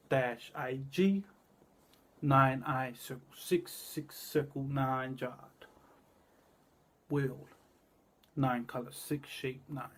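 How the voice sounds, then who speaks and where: A man's cryptic, wandering monologue is full of repeated words, swinging between low murmuring and sudden loud bursts.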